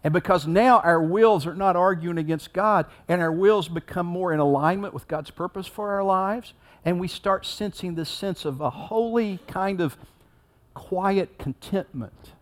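A man's voice: high-pitched, a little slow. A man giving a sermon as a pastor, preaching in a conversational way and acting out the story with rising intensity.

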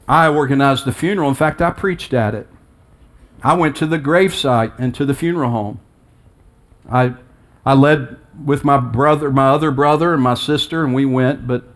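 A man in his sixties, a pastor giving an earnest, personal sermon that rises in pitch and emphasis when he quotes scripture. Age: 60s.

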